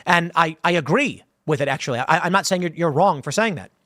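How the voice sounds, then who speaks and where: Hosting a laid-back commentary show, a man rambles through viewer questions conversationally, restarting often and performing quotes. He sounds a little high, bright and forceful, with lively intonation and a slightly fast pace, in clean studio audio with no room sound.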